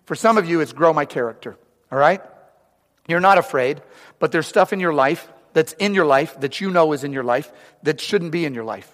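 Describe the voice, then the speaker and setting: A man with a fairly high voice delivers a sermon. His words ring out with a long reverb, as in a large church hall. He tells stories with urgency, then drops to a hushed, prayerful tone. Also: brisk. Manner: storytelling, swings from loud urgent preaching to hushed prayer. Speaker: pastor.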